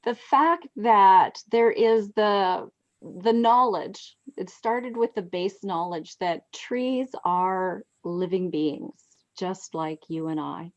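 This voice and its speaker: A woman in her sixties telling heartfelt personal stories as a guest, reflective and expressive, on a dull lo-fi recording. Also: slow. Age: 60s. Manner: heartfelt, reflective, lively swings in pitch. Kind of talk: personal storytelling.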